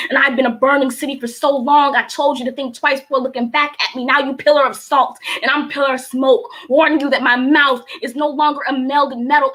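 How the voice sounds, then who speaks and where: Her voice sits high with a fairly bright tone as she performs spoken word with a rhythmic, emphatic beat and chats casually on a live online stream. She's in her twenties, from Baltimore, USA, and speaks with a Baltimore accent.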